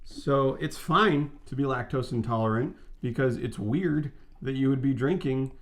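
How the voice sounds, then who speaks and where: A man in his thirties co-hosting a casual vlog chat, talking in a brisk, emphatic and opinionated way. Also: medium pitch. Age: 30s. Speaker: vlog co-host.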